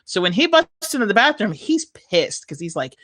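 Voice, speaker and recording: Animated woman in casual movie chat. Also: medium pitch, moderate pace. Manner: animated storyteller, laughs often, many fillers.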